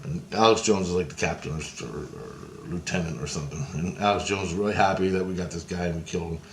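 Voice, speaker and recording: Low-pitched and quick, a man chats through a dream he had, cursing, wandering off track, starting over and describing things like he's using his hands. Slight background noise, roomy echo and faint ambience are present.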